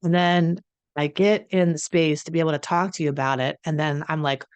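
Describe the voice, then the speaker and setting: A woman addiction consultant talking conversationally to her audience, often clearing her throat, her voice a little croaky. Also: sits low, steady tone, a little fast. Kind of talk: solo talk to camera.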